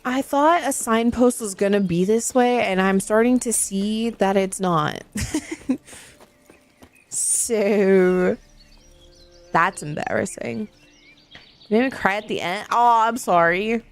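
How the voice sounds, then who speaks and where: A woman's voice: mid-range voice, takes it slowly, pauses often. A woman streamer chatting casually while she plays a video game, giggly and chatty as she reads and answers her chat.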